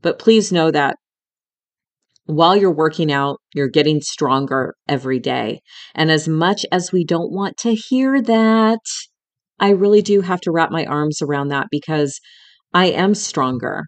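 A middle-aged podcast host speaks in a deep voice with lively intonation, going a little slowly. Her personal story is candid and emotional, sprinkled with swearing, and she addresses the listener as a friend.

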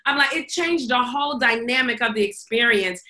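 Woman, podcast co-host, casual storytelling, animated, laughs a lot, bright tone. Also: fairly high pitch, normal speed. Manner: animated, acts out quotes, laughs often.

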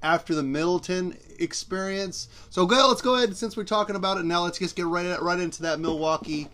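A man's voice: sits high, fairly quick, a bit bright. A man co-hosting a sports podcast in casual, playful chat, often talking up his partner. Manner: playful, talks up his co-host.

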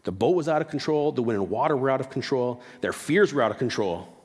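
Man, preacher, conversational sermon, drops low and slow for emphasis, long hall reverb. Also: animated, slightly rough. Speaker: pastor.

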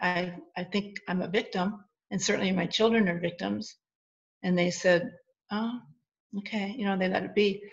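A middle-aged woman, a guest on an interview, tells her story conversationally and acts out what each person said. Her voice has a gravelly, fry-edged texture. The recording sounds dull and lo-fi. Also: on the low side. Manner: animated retelling with quoted dialogue. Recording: dull lo-fi audio.

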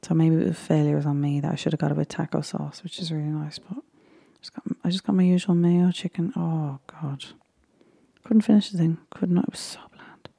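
A young Irish woman chatting casually as she recaps a baking show, rambling and often slipping into soft whispers. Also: low-pitched, steady tone, a little fast, creaky, husky, no echo, clean studio sound. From Ireland.

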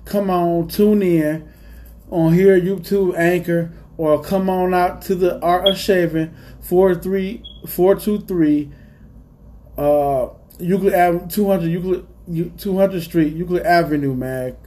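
A man's voice: high voice, fairly even intonation, slow, dark tone. A man hosting his own podcast, ranting in a heated, repetitive way and saying "man" again and again. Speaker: podcast host. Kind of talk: ranting monologue.

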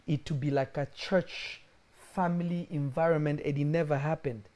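A young man preaching as a pastor, animated and conversational, acting out other people's voices as he tells stories. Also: on the high side, moderate pace. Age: young adult. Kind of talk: sermon.

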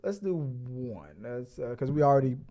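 A man's voice: medium pitch, lively intonation, normal speed, warm tone. A man hosting a casual podcast, rambling and joking as he restarts his words. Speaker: podcast host. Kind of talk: casual chat.

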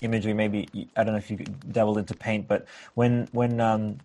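A man's voice: on the low side, flat delivery, fairly quick, dark tone. A man hosting a podcast, talking casually and musing in metaphors with many fillers. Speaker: podcast host. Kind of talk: casual conversation.

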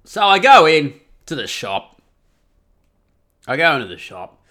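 A man's voice: a little high, a little slow, noisy background. A middle-aged man ranting profanely through a comic podcast monologue. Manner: sweary, ranting, animated. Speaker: podcast host.

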